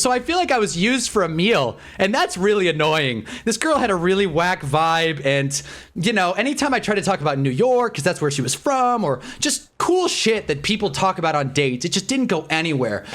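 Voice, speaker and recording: A man's voice: sits high, very animated, normal speed, fairly bright tone. A young adult man telling a story on a live game stream. He talks casually and with exasperation, swears freely and rambles with restarts.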